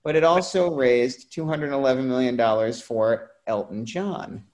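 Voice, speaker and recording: A man co-hosting a casual chat, telling animated anecdotes with quick asides. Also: mid-range voice. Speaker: podcast co-host.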